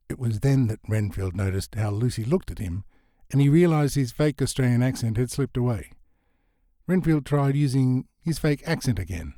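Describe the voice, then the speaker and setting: A man narrating a comic novel in a lively storytelling manner. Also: mid-range voice, normal speed, no echo, studio quality. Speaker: audiobook narrator. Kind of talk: scripted narration.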